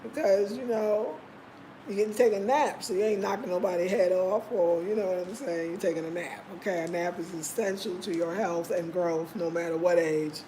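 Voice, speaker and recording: A woman hosting a casual vlog, talking in an expressive, emphatic way and laughing often. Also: lowish voice, moderate pace, a little hiss or hum, low-quality recording. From United States. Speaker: vlog host.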